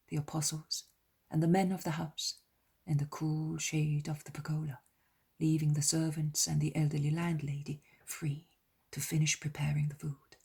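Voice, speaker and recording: A woman narrating an audiobook in a slow, reverent, breathy whisper. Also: deep voice, darkish tone. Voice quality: breathy, near-whispered delivery. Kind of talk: whispered reading.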